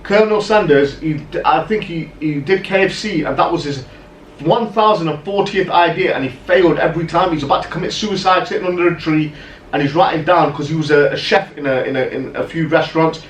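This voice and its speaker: A man co-hosting a podcast, telling stories in casual, animated chat full of "right?" asides. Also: on the high side, fairly quick, far from the mic. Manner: animated storyteller, lots of "right?" and "yeah?" asides. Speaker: podcast co-host. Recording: roomy echo, off-mic, faint noise.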